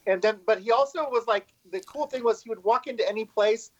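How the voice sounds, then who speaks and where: A man with a rather high-pitched voice recaps movie scenes in a loose, chatty way. He repeats words and leans on "like" as filler. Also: fairly quick, lo-fi sound. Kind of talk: casual movie discussion.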